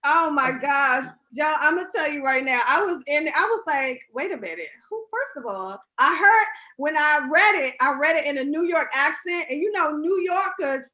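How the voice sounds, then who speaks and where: A woman's voice: high-pitched, animated, normal speed, bright, forceful tone. A woman hosting a casual interview over a video call, upbeat and laughing often. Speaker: radio show host.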